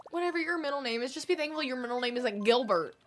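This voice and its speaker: A woman's voice: high voice, lively intonation, fast, a bit bright. A young woman streaming a game, chatting casually and answering her chat, with a stuffy nose. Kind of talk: casual chat while gaming.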